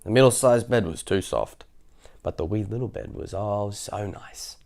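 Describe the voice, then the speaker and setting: A man with a lowish, creaky, somewhat dark voice reads a children's picture book aloud at a normal speed. He keeps it playful, dropping chatty asides between passages.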